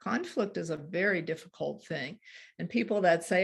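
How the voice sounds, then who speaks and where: A woman coaching couples on handling conflict, explaining earnestly with soft laughs. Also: lowish voice, expressive, moderate pace, creaky, slightly rough. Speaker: relationship coach. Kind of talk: teaching a couples workshop talk.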